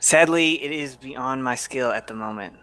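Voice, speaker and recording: Male player speaking in character, stiff formal phrasing, bright forceful voice. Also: mid-range voice. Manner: formal, measured. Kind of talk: in-character speech in a tabletop game.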